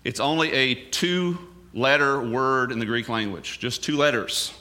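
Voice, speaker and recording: Man, Bible teacher, bright tone, animated sermon delivery with chatty asides. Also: mid-range voice, unhurried. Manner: animated, swings loud and soft, casual asides.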